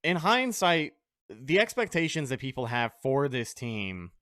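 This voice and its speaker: A man's voice: mid-range voice, very animated, a little slow, fairly bright tone, dry recording, clean studio sound. A man hosting a casual sports podcast, talking with confident, brash energy and casual swearing. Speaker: podcast host.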